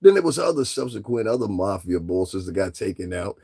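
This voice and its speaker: Man, commentary vlogger, gravelly, husky, mid pitch, animated, rhetorical questions. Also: fairly quick. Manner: addresses listeners directly. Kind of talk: casual commentary monologue.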